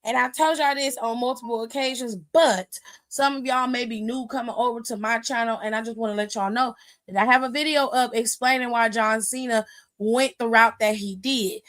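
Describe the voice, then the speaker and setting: A woman hosting a wrestling aftershow in a brash, profane, animated way. Her voice sits a bit high. She slips into the voices of the people she talks about as she tells the story. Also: moderate pace. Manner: acts out quoted voices. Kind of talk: casual commentary monologue.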